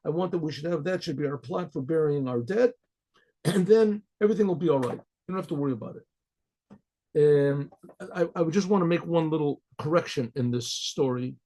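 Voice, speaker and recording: Male rabbi storyteller, slightly high and breathy voice, halting delivery full of repeated words. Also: warm tone, rough recording. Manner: clears throat often, stumbles and repeats words. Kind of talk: casual oral storytelling.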